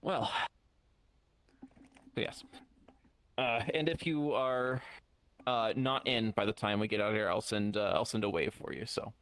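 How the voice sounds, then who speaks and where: A man's voice: fairly low pitch, a little slow, long pauses, fairly bright tone, low-quality recording. A man in casual in-character roleplay over voice chat, hesitant and polite, full of fillers and apologies. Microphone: voice chat mic.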